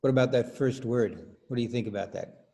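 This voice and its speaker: A man's voice: mid-range voice, fairly quick, warm tone. A man teaching rhythm as a choral director in an online workshop, patiently explaining and counting beats aloud over a video call.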